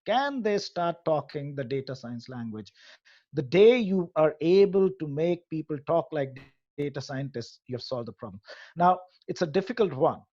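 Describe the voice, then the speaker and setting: A man's voice: a little high, lively intonation, moderate pace, a little mellow. Man lecturing earnestly on muffled audio. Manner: earnest lecturing with filler hesitations. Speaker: head of an AI hub giving a talk. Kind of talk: presentation to an audience.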